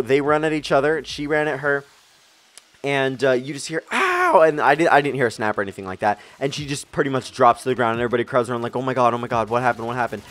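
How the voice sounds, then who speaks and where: A man's voice: mid-range voice, a bit bright. Rambling young man telling stories. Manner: rambling, with swearing and frequent fillers. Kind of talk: casual storytelling over gameplay.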